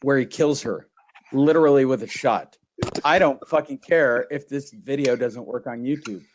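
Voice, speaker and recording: A man in his thirties hosting a podcast in casual chat, excitable and theatrical, swearing and laughing often, on a dull, lo-fi recording. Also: medium pitch, normal speed, a little hiss or hum. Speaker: podcast host. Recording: dull, lo-fi sound.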